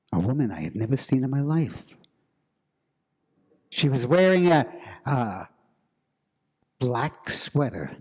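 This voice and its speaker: Guy telling a creepy story on stage, slow with big pauses, lively up and down, kinda husky. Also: medium pitch. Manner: slow and dramatic, with suspenseful pauses. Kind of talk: live storytelling.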